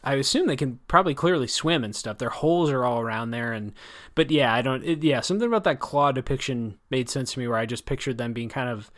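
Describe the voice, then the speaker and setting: A man's voice: mid-range voice, fast talker, fairly bright tone. A man co-hosting a casual book discussion, talking in long rambling stretches, correcting himself and wry. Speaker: book podcast co-host.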